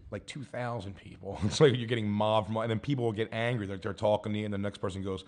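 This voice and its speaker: A man, a guest comedian, rambling through stories in casual chat and acting out the people he quotes in higher voices. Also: steady tone, fast, a little mellow. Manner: rambling storyteller, acts out quotes in higher voices, laughs a lot.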